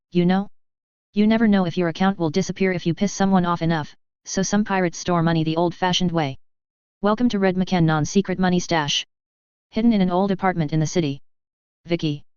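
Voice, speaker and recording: A narrator giving an even, wry first-person reading of a story. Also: medium pitch, clean tone, no echo, muffled recording.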